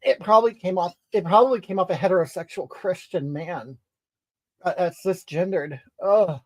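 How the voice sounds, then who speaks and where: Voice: medium pitch, moderate pace, natural voice. A performer voicing a crude, entitled, brash woman, scolding and indignant, rambling at chat in an improvised comedy stream. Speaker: comedy livestreamer reading comments in character.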